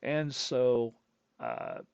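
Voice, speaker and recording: A man's voice: mid-range voice, huge pitch swings, drawn-out words, vocal fry, darkish tone, clear, resonant tone, no room sound. A middle-aged man hosting a show, telling a long personal story in a casual, rambling way that circles back on itself. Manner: rambling, chatty, self-interrupting storyteller. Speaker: host. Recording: dull lo-fi dry recording.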